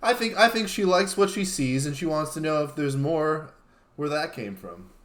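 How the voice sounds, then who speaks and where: A man's voice: a little high, expressive, normal speed, a bit bright. A man co-hosting a casual show, playful and wisecracking. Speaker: co-host. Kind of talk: casual chat.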